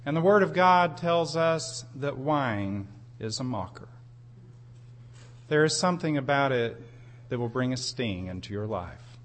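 A man preaching a sermon, telling a personal story in an earnest way, with emphatic rises on key phrases. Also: mid-range voice. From United States.

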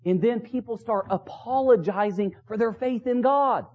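High-voiced preacher exhorting in a chapel. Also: male voice, normal speed. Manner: earnest, exhorting with rhetorical questions and repetition. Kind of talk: sermon. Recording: dull lo-fi recording.

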